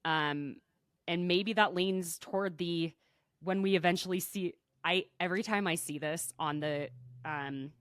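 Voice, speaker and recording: A woman hosting a podcast, recapping a show in a chatty, animated way full of quick asides. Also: lowish voice, clean tone, dry recording, studio quality. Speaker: podcast host. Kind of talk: casual recap chat. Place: podcast recording.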